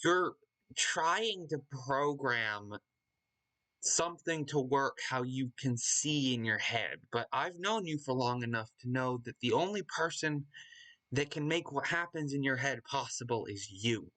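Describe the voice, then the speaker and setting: A man's voice: mid-range voice, lively intonation, a little slow, pushed and bright. A man voicing a dry, teasing male AI that lives in a toaster oven. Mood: wry.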